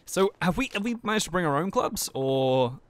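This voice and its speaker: Pitched high with lively intonation, a young man narrates a video game at a moderate pace in a casual let's play style. His voice is a bit dry, and he jokes, swears, and stammers through restarts.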